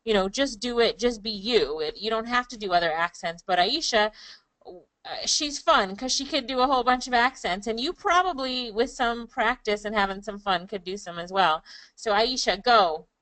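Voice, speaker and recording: Bright, smooth-voiced woman host. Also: a little high, expressive, moderate pace, low-quality recording. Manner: warm, encouraging, laughs often. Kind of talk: interview chat.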